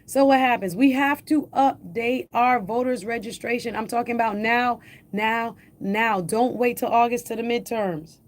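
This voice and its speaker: At a normal speed, a talk radio host with a slightly high female voice presses her message on listeners with urgency. She stresses and restates her central points, asks rhetorical questions, and speaks to the audience directly.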